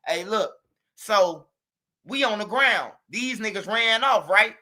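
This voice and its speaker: A man's voice: high-pitched, takes it slowly. A man telling a street story to his viewers in a casual, slangy, profane way, talking straight at them. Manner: animated, slangy, profane, addresses viewers directly, imitates gunshots. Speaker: street news commentator.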